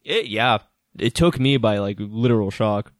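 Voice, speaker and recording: A man co-hosting a podcast, recapping a film in animated casual chat, swearing and laughing often. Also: on the low side, unhurried, no echo, clean studio sound. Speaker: podcast co-host.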